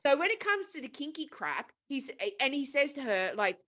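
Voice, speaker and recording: A woman's voice: high voice, sing-song, moderate pace, sharp tone. A woman co-hosting a casual podcast, retelling a film plot in a profane, rambling way. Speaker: podcast co-host.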